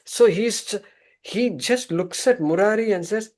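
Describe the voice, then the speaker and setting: A man teaching a scripture class through an animated, repetitive story. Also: high-pitched, a little slow.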